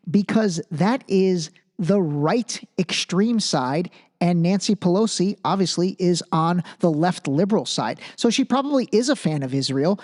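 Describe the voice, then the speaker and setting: A man hosting a solo podcast, talking casually and thinking aloud, restarting phrases and checking in with the listener. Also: high-pitched. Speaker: podcast host.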